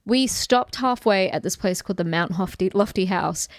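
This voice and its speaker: A woman co-hosting a podcast, telling animated stories in casual chat and swearing freely. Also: mid-range voice, normal speed, dry recording, studio quality. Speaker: podcast co-host.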